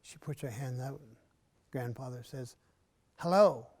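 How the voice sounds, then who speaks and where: Man telling a folk tale slowly. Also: on the high side. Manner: measured, with long dramatic pauses, often dropping soft. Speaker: storyteller. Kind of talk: oral storytelling performance. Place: arts center performance space, indoors.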